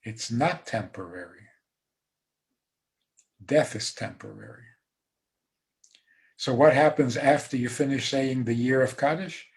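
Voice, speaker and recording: A man giving a rabbi's talk over a video call, emphatic, with dry humor and soft laughs. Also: medium pitch, measured pace, creaky, long pauses. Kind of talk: talk on a zoom call, answering questions.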